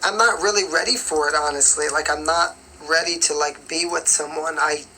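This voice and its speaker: Bright-voiced young woman chatting on a live stream. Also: deep voice, steady tone, moderate pace, a little hiss or hum, low-quality recording. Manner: chatty and rambling, full of "like" and "you know". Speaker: singer answering fan questions.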